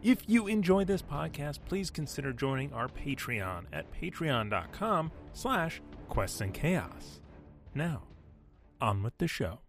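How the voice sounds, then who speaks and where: A man's voice: fairly high pitch, very animated, measured pace, faint music behind. A man reading an upbeat promotional announcement for a podcast network.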